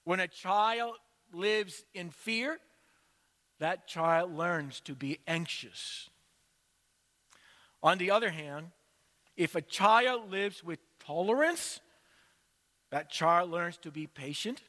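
A male pastor preaching a sermon in slow, measured storytelling. His voice is fairly high and bright, and it rings out through a church with long reverb. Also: expressive.

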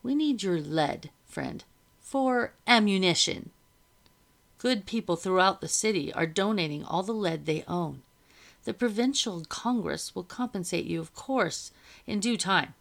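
Woman reading as a smooth, stern officer. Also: mid-range voice, animated, a little slow. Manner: smoothly condescending, firm.

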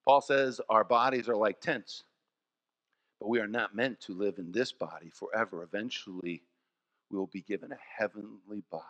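A pastor preaching a sermon, telling stories in an animated way and swinging from soft, low passages to loud ones. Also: male voice, normal speed, highs cut off. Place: church. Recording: long church reverb.

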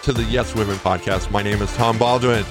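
A man's voice: on the low side, fairly even intonation, fairly quick, over music. A middle-aged man hosting a solo podcast, talking in an earnest, encouraging, conversational way. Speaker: podcast host. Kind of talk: casual solo podcast monologue.

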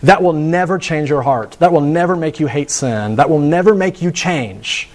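A man preaching a sermon in an earnest storytelling manner, slowing down for emphasis and closing in prayer. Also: a little high, darkish tone. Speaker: pastor.

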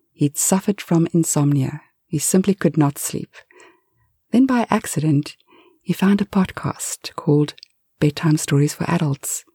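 A woman narrating a bedtime story for adults in a soft, half-whispered delivery. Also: sits low, husky, no echo, studio quality.

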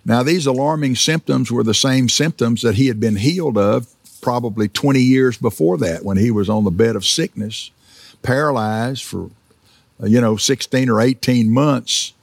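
A man's voice: mid-range voice, normal speed, gravelly, dry recording. A man preaching a sermon, telling stories with many fillers and restarts and acting out laughter as he goes. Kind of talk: sermon teaching.

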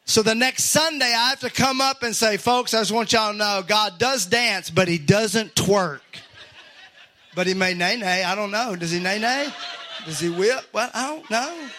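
A male pastor preaching to a congregation, his voice high and bright. He teases the crowd with playful asides and climbs into shouted emphasis as he drives his point home. The delivery is energetic sermon talk from a church stage. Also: normal speed.

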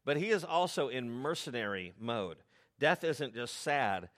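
Middle-aged pastor guy, chatty sermon storytelling, mid pitch, gets lively. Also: measured pace. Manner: conversational storytelling, animated asides.

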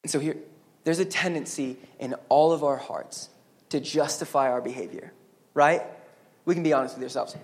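A man preaching a sermon as pastor, earnest and emphatic, with casual asides to the congregation. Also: normal speed. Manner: earnest, emphatic preaching that rises higher and louder on exhortations; conversational asides and checks with the congregation.

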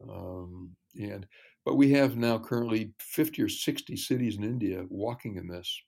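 A man talking as a ministry guest in an interview, earnest and measured, telling stories. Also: on the low side, gravelly, a little mellow. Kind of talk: casual interview chat.

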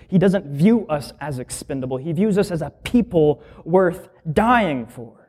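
Lively high-voiced male preacher. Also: husky. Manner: lively, emphatic preaching with rhetorical questions and slowed, stressed phrases. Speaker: minister. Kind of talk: sermon.

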